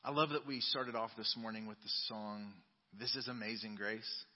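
A male pastor preaching a sermon, reading scripture dramatically and swinging between booming emphasis and soft asides. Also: fairly even intonation, normal speed, in a large hall, dull audio. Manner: dramatic Bible reading with sudden loud and quiet turns. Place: church sanctuary.

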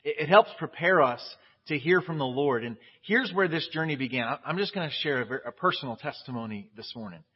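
A man's voice: fairly high pitch, animated, brisk, hardly any pauses, breathy edge. Man, pastor, casual sermon voice, candid, muffled lo-fi recording. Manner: candid and chatty, frequent restarts. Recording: dull lo-fi audio.

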